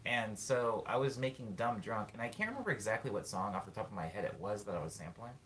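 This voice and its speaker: A man's voice: lowish voice, expressive, fast talker, a little hiss or hum. A man, a musician, chatting casually with his stream viewers and rambling as he thinks aloud with lots of fillers. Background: loud guitar playing.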